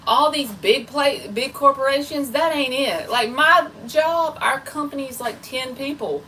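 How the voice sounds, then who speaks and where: A woman's voice: high-pitched, animated, a little slow, sharp tone, distant mic, slight background noise, poor audio. A woman tarot reader chatting casually and rambling on a live stream, talking straight to her viewers. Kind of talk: casual livestream chat.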